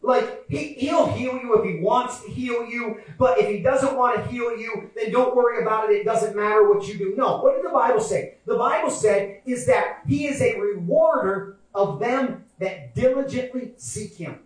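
A man preaching in a very high voice, shouting out his sermon and acting out the people in his story. He sounds a little distant from the mic, and the church hall around him rings with heavy echo. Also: moderate pace, hardly any pauses. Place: church sanctuary.

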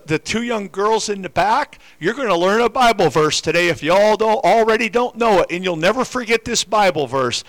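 High-voiced older male preacher. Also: fairly bright tone. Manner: repetitive, rhetorical questions to the congregation. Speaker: pastor. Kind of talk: sermon. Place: church.

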